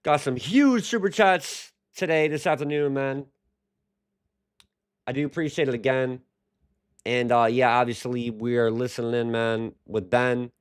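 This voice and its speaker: A man's voice: mid-range voice, fairly even intonation, a little slow, clear, resonant tone. A young man hosting a livestream, talking casually and ranting at his chat with heavy profanity. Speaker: livestream host.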